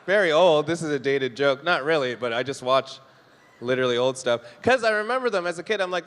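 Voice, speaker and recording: Young canadian guy doing standup into a handheld mic, smooth clear voice, kinda high, big reverby room. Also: lively intonation, fairly quick, fairly bright tone. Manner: jokey, talks to the crowd, acts out quoted voices. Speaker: stand-up comedian. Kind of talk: stand-up comedy set. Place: comedy club stage. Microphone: handheld stage mic. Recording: live room with long reverb.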